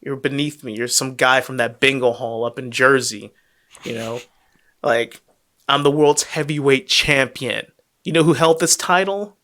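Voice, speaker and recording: A man's voice: medium pitch, unhurried, fairly bright tone. A man doing a sneering, arrogant wrestling champ. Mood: dismissive.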